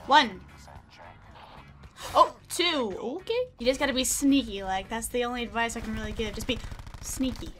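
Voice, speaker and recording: A young woman giving giggly, excitable commentary while playing a video game. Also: on the high side, moderate pace, long pauses, soft background music. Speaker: gaming streamer. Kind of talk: live gameplay commentary.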